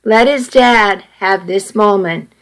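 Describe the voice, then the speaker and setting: A woman reading the lines of a calm man who murmurs softly in an audiobook, at a slow pace. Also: medium pitch, lightly acted, low-quality recording. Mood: gentle. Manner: murmured, soft. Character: calm grown man, a gentle friend.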